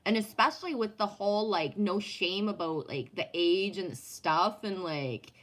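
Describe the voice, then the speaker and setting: Heard over poor audio, this mid-range, slightly bright voice belongs to a woman in her fifties speaking at a normal pace. She's casually chatting on a live stream, cursing without restraint, laughing often and reading the chat aloud.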